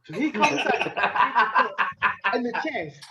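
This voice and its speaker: A man with a fairly high voice tells a swearing, animated backstage story, mimicking everyone he quotes. The sound is dull and lo-fi, like call audio. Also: slow, gravelly, a little hiss or hum. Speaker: wrestler and podcast regular. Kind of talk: casual storytelling chat.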